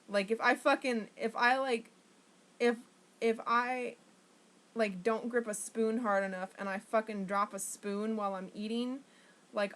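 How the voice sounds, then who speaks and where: A young woman talking candidly to camera in a rambling, profane confessional monologue, full of fillers and flaring into loud anger. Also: medium pitch.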